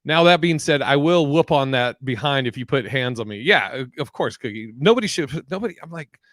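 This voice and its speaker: Podcast co-host, male, mid-range voice, dry close sound, rambling and profane, reads chat out loud. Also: medium pitch, moderate pace, dry recording. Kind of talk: casual live-stream chat reading comments.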